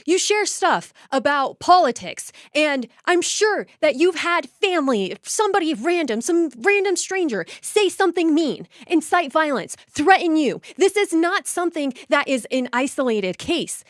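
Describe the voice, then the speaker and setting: A woman's voice: sits high, sing-song, normal speed, hardly any pauses, no echo, clean studio sound. A woman giving indignant, emphatic political reaction commentary.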